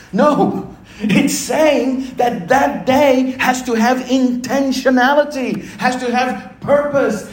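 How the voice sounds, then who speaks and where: A man preaching a sermon, emphatic, asking the congregation rhetorical questions. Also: sits high. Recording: echoey room with faint ambient noise.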